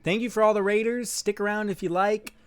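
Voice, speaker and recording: A man streaming live while playing a trivia game, bursting into loud outbursts and swearing whenever he loses. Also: sits high, a little fast, smooth. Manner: excitable, loud outbursts and swearing when losing.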